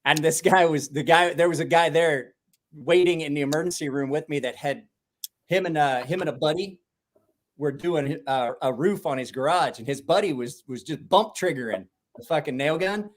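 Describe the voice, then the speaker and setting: A man's voice: on the high side, normal speed. Casual, swearing man telling stories. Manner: rambling storyteller, swears freely. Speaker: livestream co-host. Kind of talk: casual chat.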